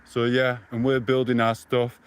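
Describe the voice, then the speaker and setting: A man's voice: mid-range voice, monotone, moderate pace, clear, resonant tone. A British man from the UK live-streaming on his phone while walking outdoors, chatting rambly and defensively to his viewers. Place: outdoors, walking along streets.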